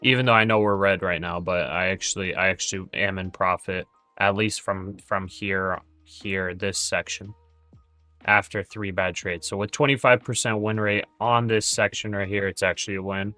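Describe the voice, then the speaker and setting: A man's voice: low-pitched, steady tone, moderate pace, sharp tone, no room sound, soft background music. A man hosting a day trading livestream, chatting casually and jokingly, with many stammered restarts.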